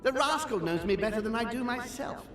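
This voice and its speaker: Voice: medium pitch, lively intonation, fairly quick, roomy sound, background noise, close to an everyday voice. An actor voicing a bitter aristocrat remembering. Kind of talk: video game voice acting.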